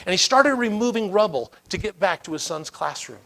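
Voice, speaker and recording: Male keynote speaker, high register, sharp tone; dramatic storyteller who repeats lines for effect. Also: lively intonation, fairly quick, vocal fry. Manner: dramatic storytelling with emphatic repetition; swings between loud emphasis and hushed low lines. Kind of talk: motivational keynote speech.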